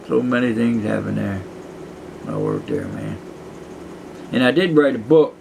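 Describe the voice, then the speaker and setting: Gravelly profane man in his sixties. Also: on the low side, slight background noise, low-quality recording. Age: 60s. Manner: profane, meandering, chuckling. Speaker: retired prison guard telling stories. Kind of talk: rambling casual storytelling to camera.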